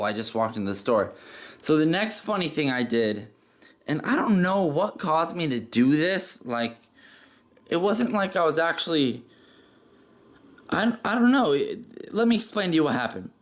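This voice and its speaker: A man telling a story casually, rambling and profane, with lots of "like" fillers. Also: medium pitch.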